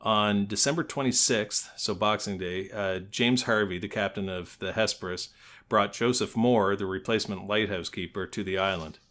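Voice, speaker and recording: A man's voice: fairly low pitch, fairly even intonation, normal speed, fairly bright tone. A man co-hosting a podcast, chatting casually in a nasal voice, rambling through a story, swearing and laughing at himself. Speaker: podcast co-host. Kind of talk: casual chat.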